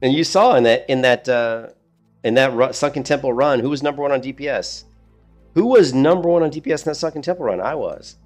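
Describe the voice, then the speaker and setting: A man's voice: mid-range voice, brisk, a little mellow, soft background music. A middle-aged man chatting casually while streaming a game, rambling, swearing and laughing at his own stories. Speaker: gaming streamer.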